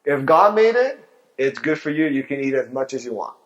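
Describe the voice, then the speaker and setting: A man's voice: mid-range voice, big pitch swings, fairly quick, a bit bright, rough recording. A male physician giving a health talk, explaining diet with rhetorical questions.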